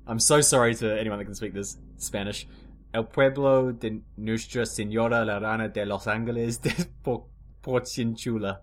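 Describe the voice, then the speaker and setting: A man's voice: fairly low pitch, fairly even intonation, normal speed. A man, quizzing his co-host in a casual podcast chat, laughing often.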